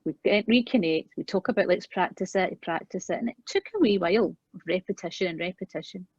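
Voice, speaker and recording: A woman guest in an interview, earnestly telling a personal parenting story and acting out the quoted lines, often trailing off softly. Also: lowish voice, a little fast, breathy edge, dry recording. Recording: dull, dry, lo-fi sound.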